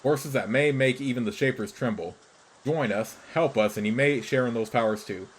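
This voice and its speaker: A man's voice: mid-range voice, a little hiss or hum, close to an everyday voice, poor audio. A man reading out a sly, scheming creature spy. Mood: persuasive. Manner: persuasive, measured, formal.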